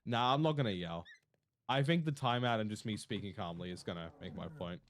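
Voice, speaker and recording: A man's voice: lowish voice, fairly quick. A man streaming live, chatting casually and jokily with his viewers and laughing often. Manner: laid-back, jokey, talks to chat, laughs often. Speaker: Twitch streamer.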